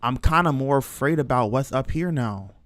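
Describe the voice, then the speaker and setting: A man's voice: mid-range voice, animated, normal speed, fairly bright tone, no room sound. A young man streaming a horror game, chatting nervously to his viewers in casual slang. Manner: chatty, jittery, talks to chat in slang. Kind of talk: live horror game commentary.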